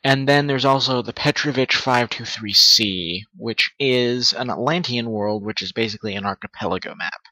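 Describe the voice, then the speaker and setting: Casual male let's-player, bright tense voice, rambling self-corrections. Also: medium pitch, normal speed, few pauses, no echo, rough recording. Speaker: gamer commentating a playthrough. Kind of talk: casual game commentary.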